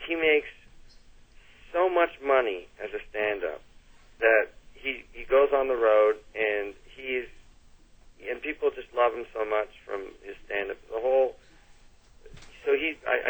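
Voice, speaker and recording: A middle-aged man with a Canadian accent tells stories as an interview guest, circling back and restarting as he goes. His voice sits at an ordinary pitch. It comes through a tinny, phone-like line. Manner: chatty storyteller, restarts and fillers, laughs easily. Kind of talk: casual interview chat.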